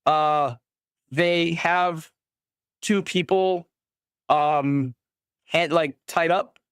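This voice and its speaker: A game master narrating a tabletop game in a casual, halting way, with many fillers and quick voices for each character. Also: medium pitch, steady tone, clear, resonant tone, dry recording, clean studio sound.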